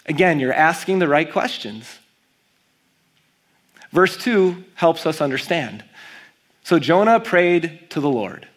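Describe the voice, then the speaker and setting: With a fairly high-pitched voice, a male pastor delivers a sermon, reading scripture and stressing key words with animated emphasis.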